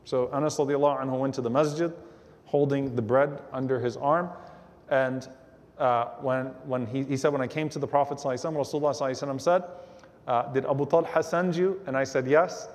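A man giving a religious lecture, telling a story in an animated way and acting out the voices of the people in it. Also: mid-range voice, fast, big-room sound. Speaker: Islamic lecturer.

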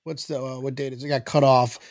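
A man hosting a casual sports podcast, excitable and rambling, laughing often between thoughts. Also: mid-range voice, quick pace, no echo, studio quality. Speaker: podcast host.

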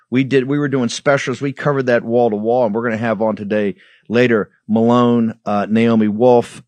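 Male political talk host, combative and mocking, jumps between fast rants and slow emphasis, dry close studio sound. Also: mid-range voice, no room sound. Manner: combative, sarcastic, mocking, rapid-fire. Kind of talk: fiery political commentary.

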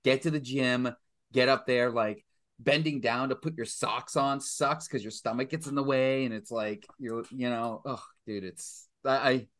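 A man's voice: mid-range voice, steady tone, unhurried, fairly bright tone. A man from Massachusetts, a filmmaker guest, chatting casually on a podcast in a rambling, profane, self-mocking way. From Stoughton, Massachusetts.

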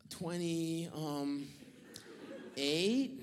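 A man's voice: fairly high pitch, animated, moderate pace. A male stand-up comedian telling a profane, exasperated story and acting out both sides of arguments on stage. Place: theater stage before a live audience. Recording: live stage recording with long hall reverb and audience noise.

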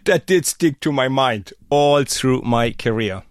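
Animated, lively-pitched storyteller man. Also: measured pace, dry recording, clean studio sound. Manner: animated storyteller, acts out quoted speech. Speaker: former pro cyclist guest. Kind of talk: casual podcast chat, storytelling.

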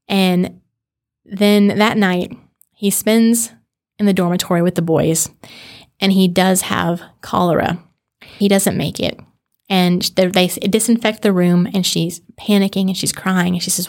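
Woman podcast narrator, mid-pitched, earnest and conversational, slows down to land key moments. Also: fairly even intonation, darkish tone. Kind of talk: history storytelling podcast.

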